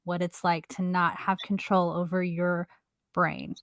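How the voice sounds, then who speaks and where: A woman's voice: lowish voice, flat delivery, measured pace, fairly bright tone, slight background noise. A woman in her thirties co-hosting a casual chat podcast, speaking earnestly and frankly, with some swearing. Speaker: podcast co-host.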